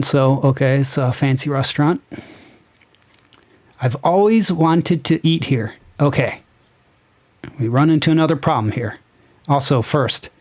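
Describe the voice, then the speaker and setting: A man's voice: medium pitch, a little mellow. A young man giving a casual, sarcastic review, incredulous and swearing as he picks apart what he is reading. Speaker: comic book reviewer. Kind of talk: casual ranting review commentary.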